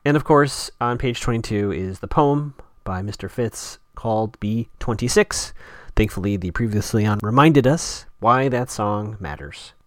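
A man's voice: lowish voice, lively intonation, unhurried, no room sound. Chatty man recapping a show, dry sound. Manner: rambling, chatty, with frequent fillers and self-corrections. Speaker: podcast host recapping a TV episode. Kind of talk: casual recap chat.

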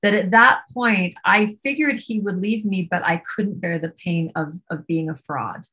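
A woman's voice: medium pitch, moderate pace, sharp tone, breathy edge. A woman guest on a podcast, candidly recounting a personal story and acting out what she and others said. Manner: earnest, candid, quotes herself and others.

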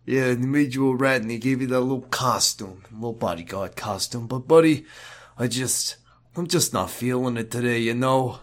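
A man voicing a big, dim, sad muscleman sidekick, talking slowly and haltingly in a comedic podcast role-play. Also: medium pitch, lightly acted. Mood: mopey. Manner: slow, mopey, halting.

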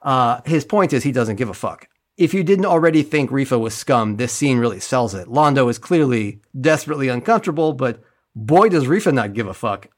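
A man's voice: mid-range voice, animated, fairly quick. A man co-hosting a podcast, recapping an episode in a casual, wry and sarcastic way, swearing now and then. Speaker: podcast co-host.

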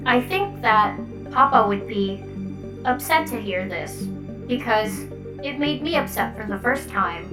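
A woman's voice: on the high side, lively intonation, far from the mic, music in the background. Woman putting on a naive childlike android girl. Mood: earnest. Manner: slow, halting, literal phrasing. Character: childlike young female android, earnest and naive.

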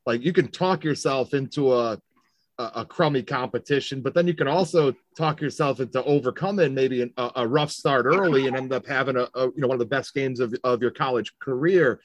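A male interview host asks long, winding questions, restarting and searching for words. His voice is mid-pitched, and the recording sounds close and dry. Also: brisk, dry recording.

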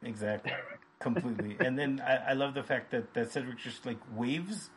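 A man's voice: mid-range voice, slight background noise. A man hosting a podcast, chatting casually through a film scene and playfully acting out the characters' lines. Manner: playful, quick to act out lines in put-on voices and laugh. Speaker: podcast host.

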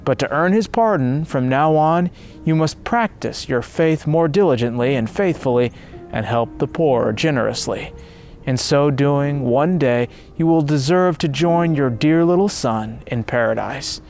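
A man reading the part of a calm, firm priest, measured and solemn. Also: on the high side, faint music behind. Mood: consoling.

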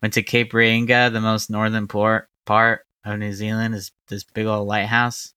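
A man from Arizona co-hosting a podcast, chatting casually with a dry, deadpan humor. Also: lowish voice, moderate pace, clean tone, no echo. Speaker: podcast co-host. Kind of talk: casual chat.

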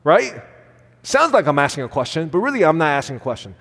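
A man's voice: fairly high pitch, big pitch swings, a little fast, breathy edge. Earnest man preaching in a reverberant hall. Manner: earnest, swings between loud emphasis and soft acted quotes. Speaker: pastor. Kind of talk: sermon.

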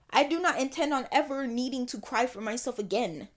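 A woman's voice: sits high, a little fast, few pauses. A young adult woman hosting a podcast, telling a personal story in an emphatic, repetitive, sassy and emotional way. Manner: emphatic, repeats phrases, swings between sassy and tearful. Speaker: podcast host.

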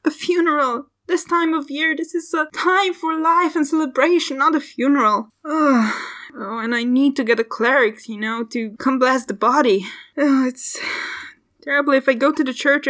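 A woman's voice: fairly high pitch, fairly even intonation, fairly bright tone. A woman voicing a grieving young female servant who stammers and keeps breaking into tears. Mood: flustered. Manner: stammering, halting speech. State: crying.

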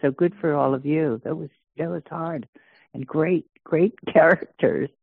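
A woman giving feedback in a group chat, halting and stammering as she gathers her thoughts. Her voice is a little husky. It sounds thin and tinny, like a phone line. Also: sits low, no echo.

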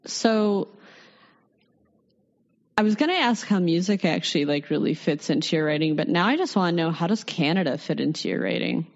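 Low-voiced woman host, reverberant lo-fi. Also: expressive, normal speed. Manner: playful, laughs often, swears casually. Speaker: podcast host. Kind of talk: casual podcast conversation. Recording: reverberant lo-fi audio.

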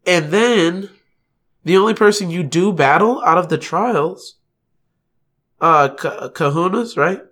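A man's voice: sits high, slow pace, pauses often, a bit bright. A man co-hosting a podcast in casual chat, opinionated and prone to rambling tangents. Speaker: podcast co-host.

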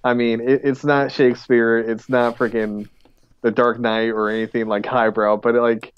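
A man's voice: medium pitch, level tone, moderate pace, smooth, lo-fi sound. A man co-hosting a podcast in casual chat, rambling with lots of "like" and restarts. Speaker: podcast co-host.

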